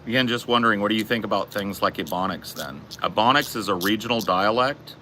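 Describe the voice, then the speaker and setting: A man's voice: on the low side, fast talker, bright, forceful tone, slight background noise. A man with a general Californian accent, from the southern US, ranting sarcastically to his chat. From southern United States. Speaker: streamer. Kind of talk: casual live-stream chat.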